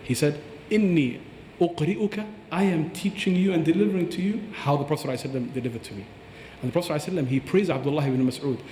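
A man's voice: a little high, racing, dark tone, echoey room, in a large hall, slight background noise. A man teaching about Quran recitation on a podcast, earnest and explanatory, demonstrating pronunciations aloud.

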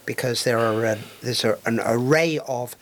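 Man, radio co-host, casual chat, halting, lots of fillers. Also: mid-range voice. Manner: hesitant, many fillers and restarts.

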